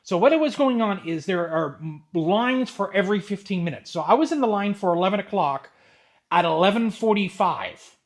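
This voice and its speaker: A young man telling a rambling, exasperated story in a casual vlog, with excited asides as he opens cards. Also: high voice, normal speed. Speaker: card collector vlogger.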